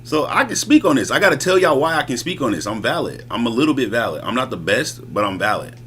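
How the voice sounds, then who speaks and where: A man's voice: medium pitch, very animated, fast talker, fairly bright tone, a little hiss or hum. A man streaming live, talking casually and boastfully in slangy street talk. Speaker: streamer reacting to music. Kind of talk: casual livestream chat.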